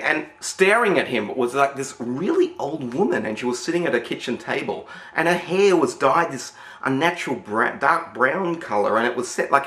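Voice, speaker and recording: A man's voice: mid-range voice, a bit bright, roomy sound. A man telling a story in a rambling way, with many restarts and repeated words. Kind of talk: spoken storytelling.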